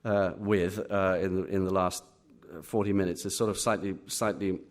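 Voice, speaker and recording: English male critic, lowish voice, halting live Q&A delivery in an auditorium. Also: level tone. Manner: hesitant, many fillers and restarts. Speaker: literary critic speaking to an audience. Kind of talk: live Q&A at a reading.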